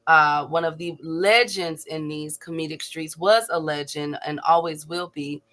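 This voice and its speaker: A woman hosts a casual online boxing show. Her voice is bright and forward, and she talks in an easy, chatty way, laughing often and calling out viewers by name between news items. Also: deep voice, fairly even intonation, unhurried. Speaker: host. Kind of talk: casual live-stream chat.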